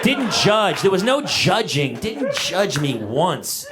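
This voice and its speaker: Animated middle-aged man doing stand-up. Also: on the high side, moderate pace, hardly any pauses, crowd noise. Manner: animated, acts out quoted family members in shifting voices. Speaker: stand-up comedian. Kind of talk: stand-up comedy routine. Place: comedy club stage before a live audience. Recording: live audience laughter around the voice.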